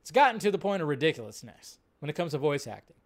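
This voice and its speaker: A man's voice: a little high, sing-song, fast. Swearing man hosting a live show. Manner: profane, rambling, frequent fillers. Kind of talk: casual live-stream commentary.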